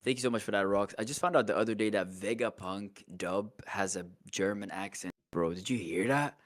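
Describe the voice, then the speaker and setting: A male streamer chatting casually with a friend, excitable and laughing often. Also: on the low side, a little fast. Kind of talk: casual chat.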